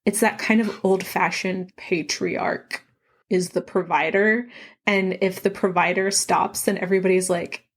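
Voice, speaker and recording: A woman co-hosting a chatty book podcast, her voice sitting in a middling register. She talks with animation, often slips into quick acted-out quotes of characters, and giggles between thoughts. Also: mid-range voice, fairly even intonation. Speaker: podcast co-host. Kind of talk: casual book-club chat.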